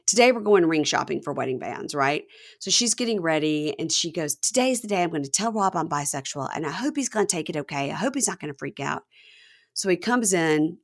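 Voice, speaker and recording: A woman hosting a podcast, chatting casually and retelling reality-show scenes in lively acted-out quotes. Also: low-pitched. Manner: animated retelling, acting out the people in the scenes. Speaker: podcast host.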